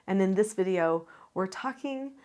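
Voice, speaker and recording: A woman's voice: medium pitch, animated, normal speed, a little mellow. An older woman who teaches parenting, speaking straight to viewers in an earnest, demonstrative way. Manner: earnest, demonstrative, acts out voices as examples. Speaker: parenting educator. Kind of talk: direct-to-camera teaching.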